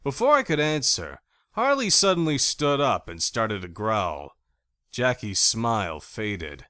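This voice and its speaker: Lively, low-voiced male audiobook narrator. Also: a little slow, no room sound, clean studio sound. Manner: expressive, animated character reading. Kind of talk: first-person scripted audiobook narration.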